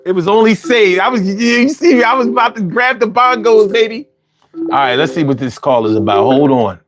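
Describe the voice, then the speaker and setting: Brief: male call-in host, high voice, brash and profane, ribs callers, loops his lines. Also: lively intonation, fairly quick, music in the background. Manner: loud, profane, teasing and repetitive. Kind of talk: casual livestream chat.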